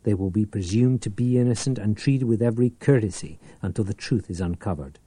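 Brief: man playing a low, mellow-voiced police chief, smooth and courteous yet cutting, audiobook reading. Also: fairly quick, dry recording. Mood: stern. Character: suave commanding male police prefect.

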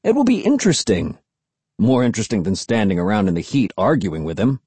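Storybook: practical dad, firm and insistent, mellow husky tone, read by a man. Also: on the low side, big pitch swings, brisk, dry recording. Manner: urging, insistent. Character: practical father, firm and encouraging.

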